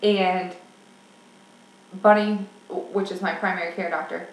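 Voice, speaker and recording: A woman speaks frankly and at length in a candid personal vlog, chatty and rambling. Her voice is lowish, fairly even, and unhurried, with roomy sound picked up from a distance.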